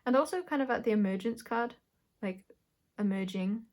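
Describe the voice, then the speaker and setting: A woman doing a pick-a-pile tarot reading, speaking in a searching way, often correcting herself and thinking aloud with soft laughs. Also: fairly high pitch, lively intonation, moderate pace. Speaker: tarot reader. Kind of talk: intuitive tarot reading to camera.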